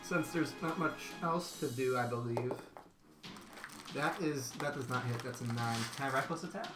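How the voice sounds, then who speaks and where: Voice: mid-range voice, normal speed. A player in a tabletop game chatting casually, rambling and hedging with fillers. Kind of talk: casual tabletop play chat. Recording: roomy echo with background music.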